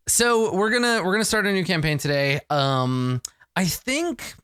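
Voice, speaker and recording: A man's voice: high-pitched, moderate pace, clear, resonant tone, dry recording, studio quality. A man running a tabletop game as dungeon master, reading the dramatic scene-setting text aloud. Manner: lively, reads dramatic box text.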